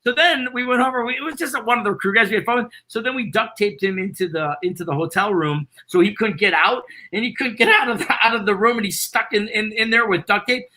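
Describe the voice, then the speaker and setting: A middle-aged man, a band founder, excitedly rambling through road anecdotes as a guest in a casual interview. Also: high-pitched, fast talker, hardly any pauses. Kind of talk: casual storytelling.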